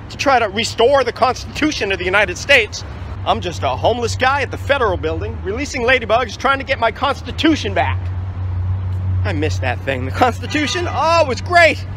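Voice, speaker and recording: A man's voice: sits high, pushed and bright, a little hiss or hum, rough recording. A man, an activist, talking defiantly and sardonically outdoors by a city building while filming his own protest. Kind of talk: self-filmed protest documentary.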